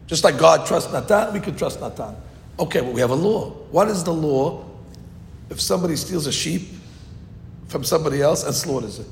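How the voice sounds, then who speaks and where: A man teaching a Torah class, retelling a story animatedly and acting out the quotes in voices. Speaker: rabbi. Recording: echoey hall with faint rumble.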